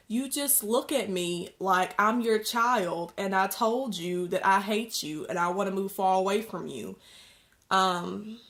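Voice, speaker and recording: A young woman rants to the camera in a loose, casual way. She rambles, restarts her thoughts and slips in sarcastic asides, and her voice sits at an ordinary middle pitch. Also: creaky. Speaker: vlogger. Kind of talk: casual ranting vlog.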